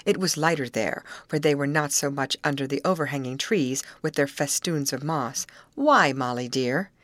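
A woman narrating an audiobook in an even, measured reading. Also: deep voice, no echo. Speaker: audiobook reader.

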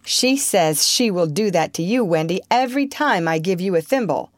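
A woman's voice: on the low side, lively intonation, moderate pace, dry recording, clean studio sound, natural voice. Peter, a woman doing a cocky sly boy. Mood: coaxing. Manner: boastful and coaxing. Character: cocky, cunning boy Peter who never grows up. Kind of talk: storybook reading.

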